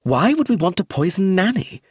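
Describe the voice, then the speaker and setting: A man's voice: medium pitch, very animated, brisk, darkish tone, slightly rough, no room sound, clean studio sound. A man reading a novel aloud, voicing a defensive grown woman who speaks in a clipped, impatient way. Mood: curt.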